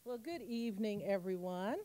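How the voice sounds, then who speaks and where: A woman's voice: medium pitch, normal speed, slight background noise. A woman in her fifties gives a commemorative speech in a university auditorium at a podium mic, telling stories and acting out the quotes. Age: 50s. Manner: animated storytelling, acting out quotes. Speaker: guest speaker, museum president.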